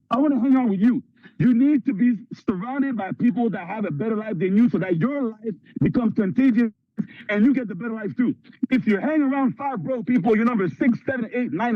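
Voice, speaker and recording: A man from Canada giving an energetic motivational talk at a sales training, acting out little skits in put-on voices. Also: very high voice, dry recording, phone-quality sound.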